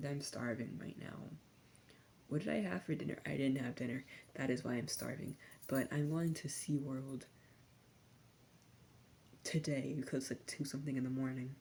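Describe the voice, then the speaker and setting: A woman's voice: rumbling low, creaky, a little hiss or hum. A young woman giving a rambling ASMR-style rant, slangy and sardonic, sometimes dropping into whispers. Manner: slangy, sardonic, drifting between soft talk and whispers. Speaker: vlogger.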